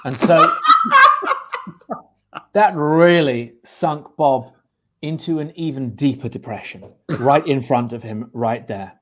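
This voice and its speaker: A man's voice: medium pitch, slow, pauses often, slight background noise. A man in an improv comedy show, telling a story in a playful way.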